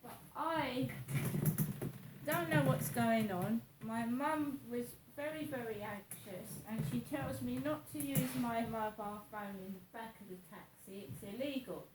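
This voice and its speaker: A woman, rambling through a slow, repetitive story about her morning while she vlogs in her flat. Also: a little high, reverberant, far from the mic, heavy background noise. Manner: slow, repetitive, anxious retelling. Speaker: vlogger.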